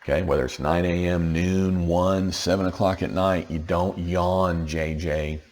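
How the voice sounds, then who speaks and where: A man's voice: sits low, steady tone, a little slow, a little mellow. A man giving a casual tax lesson late at night, sounding tired and checking in with frequent "okay?" as he explains. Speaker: tax educator.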